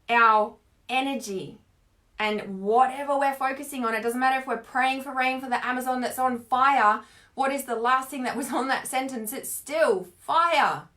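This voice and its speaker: A woman's voice: sits high, a bit bright. Rambling woman on a live stream. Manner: rambling, heavy use of "like", frequent laughs. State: teary from earlier crying. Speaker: spiritual coach streaming live. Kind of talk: casual live-stream talk.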